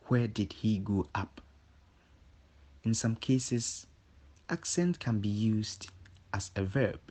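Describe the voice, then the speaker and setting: A man narrates an English vocabulary lesson in a low, unhurried voice. He reads from a script at a very slow, measured pace and lifts his voice at each example sentence. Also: warm tone.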